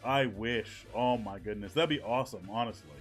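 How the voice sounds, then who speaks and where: A man's voice: fairly low pitch, normal speed, soft background music. A man streaming from home, chatting casually with viewers, joking, swearing and laughing often. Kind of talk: casual live-stream chat reacting to viewers. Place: home at evening.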